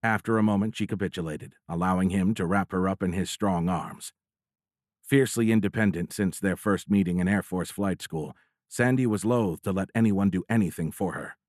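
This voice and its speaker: A man narrating a military science fiction audiobook in a steady, measured storytelling voice. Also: low voice, no echo, studio quality.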